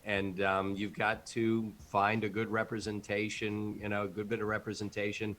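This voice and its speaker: A man's voice: lowish voice, monotone, normal speed, fairly bright tone, a little hiss or hum. A man, a voice actor, giving earnest advice in a casual panel chat. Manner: earnest, advising.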